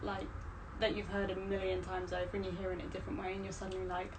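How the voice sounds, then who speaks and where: A woman's voice: mid-range voice, monotone, fast talker, far from the mic, noisy background. A young woman making wry, teasing quips during a casual live-stream chat.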